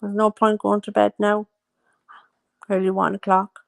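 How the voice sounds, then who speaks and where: A woman's voice: medium pitch, completely flat delivery, a little slow, gravelly, no echo. A woman chatting casually at home, rambling through stories with plenty of fillers. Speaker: host. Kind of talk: casual chat.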